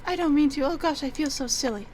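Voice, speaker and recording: A woman's voice: high-pitched, quick pace, darkish tone, a little hiss or hum, pitched above the performer's own voice, close to an everyday voice. A woman voicing a tearful, gushing older woman who is crying with happiness, as in a video game.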